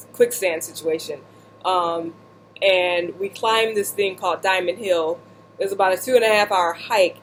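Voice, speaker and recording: A woman vlogger telling a humorous personal story while seated indoors, animated and slipping into voices and asides. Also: mid-range voice, slight background noise.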